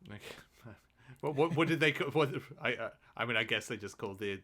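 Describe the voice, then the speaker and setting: A podcast co-host with a medium-pitched, fairly bright male voice talks in an animated way and a little fast. He keeps stammering and restarting his sentences, stuffing them with "like."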